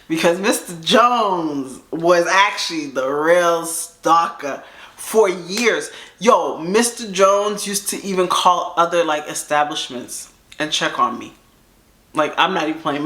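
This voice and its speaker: Young woman rambling thru a storytime, slangy and animated, bright voice. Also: on the low side. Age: young adult. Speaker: storytime vlogger. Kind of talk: casual storytime chat. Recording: echoey room.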